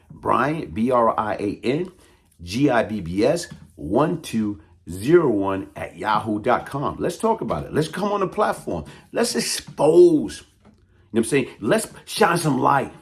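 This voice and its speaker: A man's voice: medium pitch, sing-song, unhurried, gravelly. A man delivering a heated, taunting call-out monologue in blunt street talk. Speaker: YouTube commentator.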